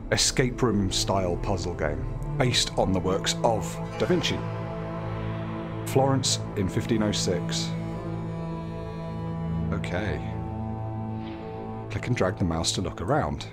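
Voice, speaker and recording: A man's voice: deep voice, animated, slow pace, long pauses. A man hosting a casual let's play, chatting along and reading on-screen text aloud with light jokes. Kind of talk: casual gameplay commentary. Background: game music.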